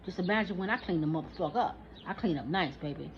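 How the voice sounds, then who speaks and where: Quick and fairly low-pitched, this woman in her forties delivers a heated, casual rant full of profanity, arguing with an imagined listener. It was captured as a dull lo-fi recording carrying faint noise.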